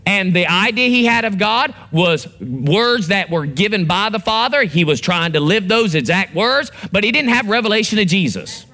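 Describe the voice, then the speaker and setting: A man delivers a sermon with a bright, forceful voice that sits a little high. He acts out prayers and quotes as he preaches, and his pitch swings widely from line to line. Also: expressive, moderate pace, hardly any pauses. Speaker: pastor.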